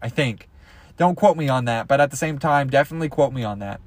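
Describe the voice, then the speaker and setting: A man's voice: medium pitch, fast talker, dry recording. A young man hosting a podcast, rambling through crude, goofy comedy bits and jumping into silly voices. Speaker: podcast host.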